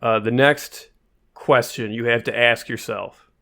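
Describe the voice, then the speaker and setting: A man on a casual podcast, dry and deadpan, delivering sarcasm with a straight face. His voice sits at an ordinary middle pitch. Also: a little slow. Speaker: podcast co-host. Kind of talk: casual comedic chat.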